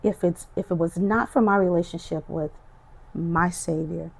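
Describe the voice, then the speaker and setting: Middle-aged woman guest with a gravelly voice; emotional, animated personal testimony. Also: on the low side, moderate pace. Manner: expressive, animated storytelling, voices her past self. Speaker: podcast guest.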